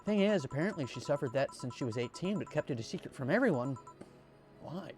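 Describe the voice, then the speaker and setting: A streamer reading game dialogue aloud, stumbling and restarting now and then. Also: male voice, fairly high pitch, expressive, quick pace, a little mellow, faint music behind.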